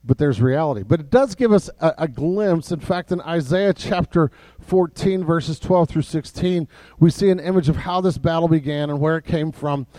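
A man with a high-pitched voice delivers a sermon from the pulpit, chatty and full of fillers and restarts. He sometimes drops to a soft, low voice for emphasis. The sound is dry and close. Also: moderate pace, no room sound. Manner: conversational preaching with many fillers and restarts. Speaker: pastor.

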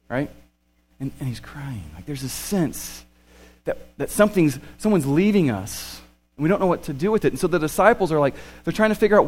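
Man, thirties, pastor, sermon, animated, excited then hushed. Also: fairly high pitch, fairly quick, breathy edge.

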